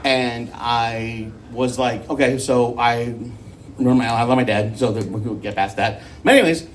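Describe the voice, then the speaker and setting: A man's voice: medium pitch, far from the mic, slight background noise, low-quality recording. Rambling man doing stand-up. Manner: rambling, halting, many restarts. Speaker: stand-up comedian. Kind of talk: stand-up set.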